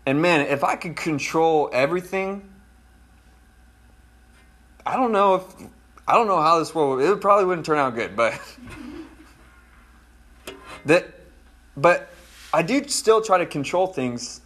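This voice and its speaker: A pastor delivers a sermon in a relaxed, folksy way and keeps checking in with his congregation. His man's voice sits a little on the high side. He often slows down to press a point home, then speeds up as he tells his own stories. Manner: conversational, folksy, addresses congregation directly.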